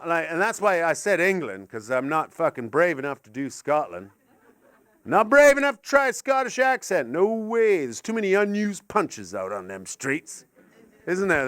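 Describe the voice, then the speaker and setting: Lively Canadian man doing stand-up. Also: fairly high pitch, no room sound. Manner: animated, swearing, jumps into silly put-on voices. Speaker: stand-up comedian. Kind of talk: stand-up comedy set. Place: comedy venue stage.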